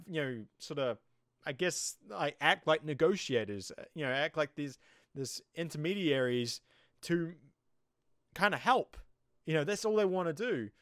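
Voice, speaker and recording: A man's voice: fairly high pitch, fairly bright tone, clear, resonant tone, no room sound, studio quality. A young man with a New Zealand accent rambles casually through an episode review, full of fillers. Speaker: show reviewer.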